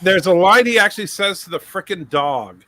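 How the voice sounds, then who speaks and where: A man's voice: high voice, lively intonation, normal speed, pushed and bright, no room sound. A man hosting a casual online chat, bantering with wry, opinionated remarks. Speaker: podcast host.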